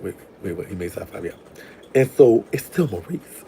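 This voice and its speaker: A man's voice: lowish voice, lively intonation, moderate pace, warm tone, slight background noise. A young adult man telling a crude story in a casual, brash way, laughing and trailing off into murmurs. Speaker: vlogger telling prison stories.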